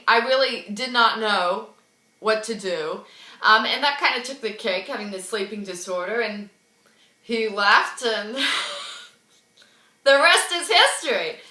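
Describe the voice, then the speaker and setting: A young woman in her twenties tells a story in a chatty, dramatic way, her voice bright and lively with big swings in pitch. She sits in a roomy, echoey space. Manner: chatty and dramatic, full of "like" and "oh my God". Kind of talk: casual storytelling. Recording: roomy echo.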